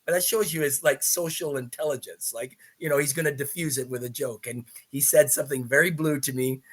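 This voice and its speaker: A middle-aged man, a podcast guest, telling an animated story full of restarts and asides. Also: mid-range voice, brisk. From Canada. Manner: lively, with many restarts and asides.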